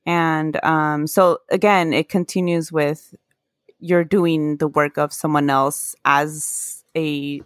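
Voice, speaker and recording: A woman with a lowish voice talks through folk history in a relaxed podcast chat. She is earnest and laughs at herself when she trips over a word. The sound is close and dry, with no room around it. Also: takes it slowly, no room sound. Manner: earnest, laughs at own mispronunciations. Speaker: podcast co-host. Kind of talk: casual chat, telling folklore history.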